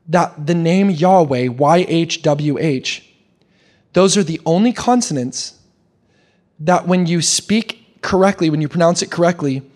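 Animated young male preacher. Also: on the high side. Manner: animated preaching, repeats and restarts, questions to the congregation. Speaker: pastor. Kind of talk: sermon.

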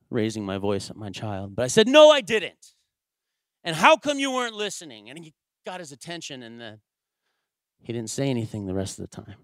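A man's voice: fairly low pitch, a little mellow, no room sound, studio quality. A man in his thirties telling a personal family story to a church audience, acting out his own raised voice in quoted lines. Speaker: church speaker. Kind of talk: sermon storytelling.

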